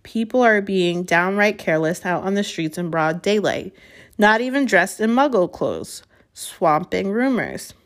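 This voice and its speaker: A woman's voice: medium pitch, animated, measured pace. A woman reading aloud, voicing a stern, impatient middle-aged female professor in a storybook. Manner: clipped, impatient.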